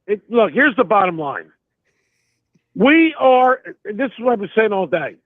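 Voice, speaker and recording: A man's voice: high-pitched, big pitch swings, unhurried, no echo. A man from Delaware calling in to a sports show, ranting emphatically and repeating his points. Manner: fired-up, emphatic, repeats himself. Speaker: caller. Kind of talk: fan call-in rant. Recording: tinny phone line.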